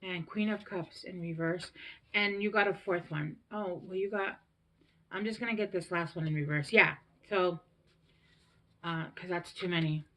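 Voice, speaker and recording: A woman's voice: fairly low pitch, normal speed, fairly bright tone. A woman in her thirties giving a casual tarot reading to camera, emotional and rambling, often trailing off and restarting her sentences. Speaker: tarot reader.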